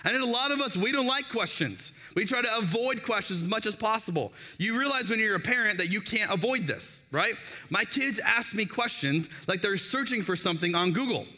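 A long hall reverb trails the high-pitched, slightly quick voice of a pastor in his thirties. In his sermon he tells animated stories, voicing the people in them.

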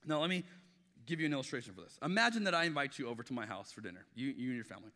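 Middle-aged male pastor, bright forceful delivery, chatty sermon style, echoing church hall. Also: mid-range voice, expressive, rapid-fire. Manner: conversational, acts out quoted dialogue, frequent restarts. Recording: long reverb of a large hall.

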